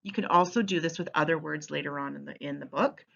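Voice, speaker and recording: A woman teacher giving an instructional voice-over with a clear, expressive delivery. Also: deep voice, fast. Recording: slightly muffled recording.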